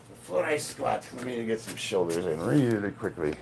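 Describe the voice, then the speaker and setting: A man's voice: fairly low pitch, sing-song, moderate pace, gravelly, heavy background noise. A middle-aged man, a strength athlete, chatting casually on a livestream from his home gym, thinking aloud and bluntly with some swearing. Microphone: camera set up across the room.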